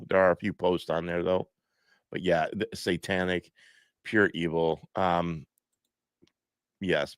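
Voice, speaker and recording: A man's voice: low-pitched, clean tone, dry recording. A man hosting a live stream from home, stuffed up, talking in a preachy, repetitive way and reading viewer comments aloud.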